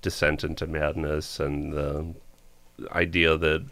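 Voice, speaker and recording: A man in casual podcast chat, mostly adding short comments in a measured way. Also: very deep voice, level tone, a bit bright, no room sound.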